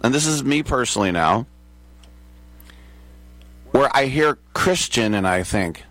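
A man's voice: mid-range voice, lively intonation, measured pace, a bit bright, dry recording. A man hosting a talk show in a casual, digressive monologue, chuckling at his own asides.

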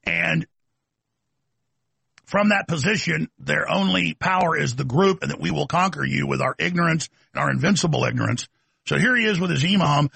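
Raspy, combative male talk host. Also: a little high, expressive, normal speed, pushed and bright, dry recording. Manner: aggressive, ranting, mocking. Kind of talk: combative talk show monologue.

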